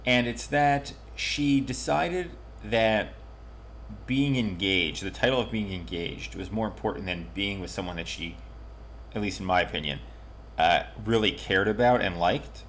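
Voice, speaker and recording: A man with a fairly low voice hosts a chatty podcast. He delivers jokes in a flat, deadpan way and keeps the talk casual. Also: unhurried, slight background noise. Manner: dry deadpan joking. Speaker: podcast host. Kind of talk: casual chat.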